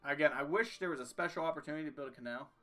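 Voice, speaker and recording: With soft music in the background, a young streamer races through casual commentary on his strategy game in a fairly high, fairly bright voice. He keeps up the jokes, talking to himself and addressing the game.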